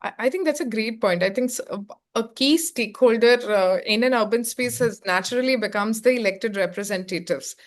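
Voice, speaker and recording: A woman's voice: on the high side, brisk. A woman with an Indian English accent, moderating a webinar panel, her phrasing loose and full of fillers.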